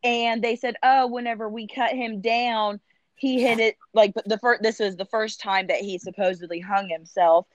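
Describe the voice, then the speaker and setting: A woman's voice: fairly high pitch, steady tone, moderate pace, no room sound. A woman client recounts what happened, plainly and in detail. Her voice comes through dull and dry, with no room sound around it.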